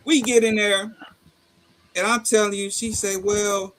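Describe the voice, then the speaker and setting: Man, middle-aged, high voice, casual storyteller, acts out quotes, swears. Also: unhurried. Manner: animated storyteller, acts out dialogue, laughs, salty slang. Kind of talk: casual chat.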